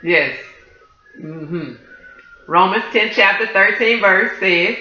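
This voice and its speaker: A woman preaching and praying with fervent emotion, returning to the same praises over and over and calling out to her listeners. Her voice is piercingly bright and forceful. It rings in a roomy space on a muffled, lo-fi recording. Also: medium pitch, takes it slowly, long pauses. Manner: emotional, repetitive praise, addresses listeners as y'all. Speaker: minister. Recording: roomy, dull lo-fi sound.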